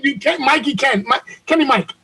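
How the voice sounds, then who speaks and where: A man bantering on a video call, joking crudely and teasing loudly. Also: extremely high pitch, lively intonation, moderate pace, rough recording.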